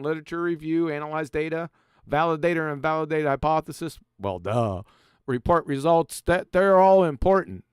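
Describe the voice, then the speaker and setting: A man hosts a live stream, lecturing over slides in a combative, mocking tone. His voice sits high and comes through smooth and clear. He is recorded close on a dry mic with no room sound. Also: no echo. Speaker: host presenting a slideshow.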